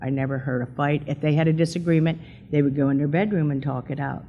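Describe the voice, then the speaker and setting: Speaking quickly in a low, steady, slightly rough voice, this Pennsylvania churchwoman, older and chatty, shares her testimony with the congregation. She dramatizes quoted lines by raising her voice, and the audio sounds like it came over a phone.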